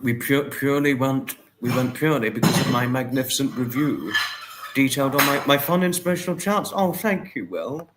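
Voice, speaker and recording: A man hosting a casual livestream, warmly greeting and thanking viewers by name and apologizing often. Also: mid-range voice, expressive, brisk, a little hiss or hum. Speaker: livestream host. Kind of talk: casual livestream chat reading viewer comments.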